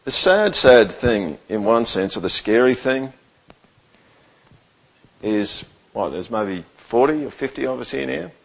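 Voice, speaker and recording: A man's voice: mid-range voice, very animated, measured pace, gravelly, low-quality recording. A man preaching a sermon in a church, talking conversationally and often checking in with the room. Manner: conversational, keeps asking the room "right?". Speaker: pastor.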